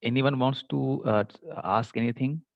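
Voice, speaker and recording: A man's voice: mid-range voice, steady tone, normal speed, gravelly, no room sound. A male lecturer reviewing topics for an exam in an online class, talking hesitantly with many fillers. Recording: dull dry lo-fi mic.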